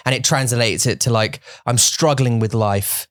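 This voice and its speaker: A man's voice: medium pitch, fairly even intonation, moderate pace, fairly bright tone, no echo. Guy rambling on his podcast, lots of restarts, mixes in mandarin bits, dry close mic. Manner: joking, self-deprecating. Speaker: podcast co-host. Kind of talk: casual chat.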